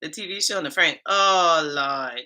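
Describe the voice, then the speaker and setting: Sassy, bright-voiced Southern woman host. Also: sits low, moderate pace. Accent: Southern US Black vernacular, Charleston Geechee. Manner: animated, sassy, talks back to chat comments. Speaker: livestream host, HR coach. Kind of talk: casual livestream chat with viewers.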